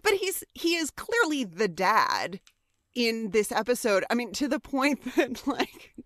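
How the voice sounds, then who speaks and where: Woman podcast co-host, lively swooping delivery, laughs a lot while recapping scenes. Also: on the high side, unhurried, no room sound, clean studio sound. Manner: animated, laughing often, quotes scenes in exaggerated voices. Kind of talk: casual chat.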